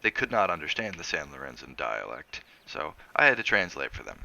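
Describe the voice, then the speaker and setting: A man reading a novel aloud in steady, measured narration. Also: very deep voice, vocal fry. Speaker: reader of a novel on a stream.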